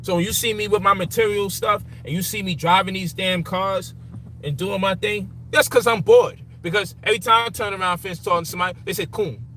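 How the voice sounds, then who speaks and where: Heated, high-voiced man ranting. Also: steady tone, fast, bright, forceful tone, a little hiss or hum. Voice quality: profane, emphatic, heated. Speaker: commentator. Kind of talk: frustrated personal rant.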